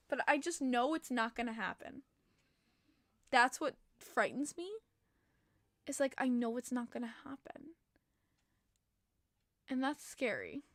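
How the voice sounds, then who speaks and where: Slow and often pausing, her rather high voice swings widely in pitch, captured in a dry, clean studio recording. The young podcast host runs a laid-back hockey stream, reading chat and giving her chatty, opinionated fan takes, though she's tired and keeps yawning.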